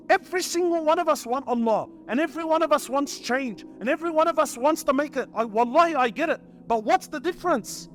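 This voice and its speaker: A man's voice: extremely high pitch, a bit bright. A middle-aged man giving an impassioned sermon to a live audience, firing rhetorical questions and calling listeners brother. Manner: passionate, addresses crowd as brother, rhetorical questions. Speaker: preacher. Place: lecture hall before an audience.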